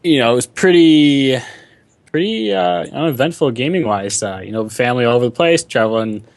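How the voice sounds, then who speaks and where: A man's voice: medium pitch, lively intonation, a little fast, no room sound. A man hosting a casual gaming podcast, talking in a rambling, filler-heavy way. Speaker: podcast host. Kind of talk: casual chat.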